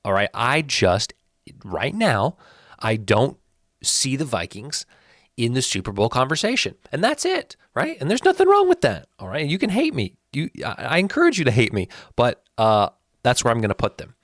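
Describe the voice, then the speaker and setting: A man in his thirties with a lively voice that swoops up and down as he teases and defies his viewers. His pitch sits in the middle range, and the sound is dry and close, with no room echo. He hosts a sports channel and is blunt and full of opinions. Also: moderate pace. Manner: animated, teasing and defiant, talking straight to viewers. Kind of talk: opinionated football rankings talk.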